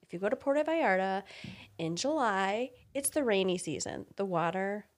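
A middle-aged woman in casual chat, telling a story in a lively way and laughing often. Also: mid-range voice, moderate pace.

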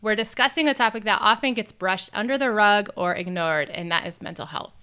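A woman's voice: medium pitch, a little fast, sharp tone, clean tone. A woman with a New York accent co-hosting a podcast in an upbeat, playful way and running the segments. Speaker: podcast co-host.

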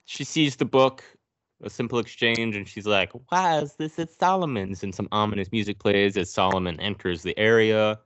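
Man, low voice, sarcastic, profane, casual movie recap, dry close mic. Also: steady tone, normal speed, fairly bright tone, clean tone, no room sound. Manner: sarcastic, profane, narrating scenes. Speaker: podcast co-host.

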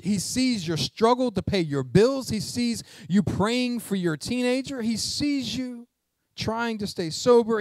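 A man's voice: high voice, dry recording, studio quality. A male pastor preaching a sermon, emphatic and asking the congregation questions.

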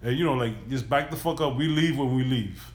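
A podcast host with a medium-pitched voice briskly tells a long story in a casual, loose, profane way, acting out the people in it. The recording has an echoey room sound.

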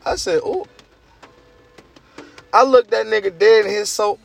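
A man's voice: high-pitched, fairly even intonation, fairly quick, creaky, faint music behind. Loose, profane man telling a work story. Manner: loose, profane storytelling with big swings in energy. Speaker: podcast host. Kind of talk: casual monologue to listeners. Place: outdoors in the rain near a parked car.

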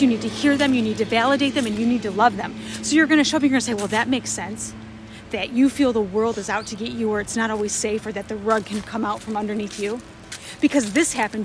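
A woman's voice: a little high, a little hiss or hum. A woman co-hosting a spiritual discussion, talking earnestly and emphatically and repeating phrases for effect. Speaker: co-host.

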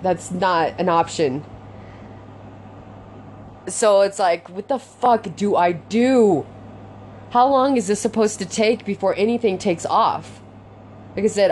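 A young woman talks straight to her listeners in a loose, rambling confessional, her frustration spilling into constant swearing and filler words. Her voice sits in an ordinary middle pitch. A faint hiss of background noise runs under the recording. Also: a little mellow. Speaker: podcaster venting to her audience. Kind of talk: unscripted confessional vlog.

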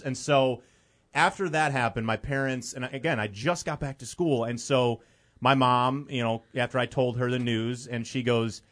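A man's voice: medium pitch, steady tone, moderate pace, fairly bright tone. A young man from the Chicago area, a guest on a talk show, telling a personal story in an earnest, rambling way with many fillers.

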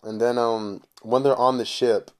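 A man's voice: medium pitch, little pitch movement, normal speed, darkish tone. A man hosting a casual podcast chat, incredulous and teasing, often laughing. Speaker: podcast host.

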